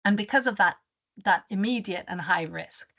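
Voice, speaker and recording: A woman presenting a webinar as a rainforest advisor. She tells her story in an animated way and often restarts her sentences. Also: mid-range voice, moderate pace. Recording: dull lo-fi webinar audio.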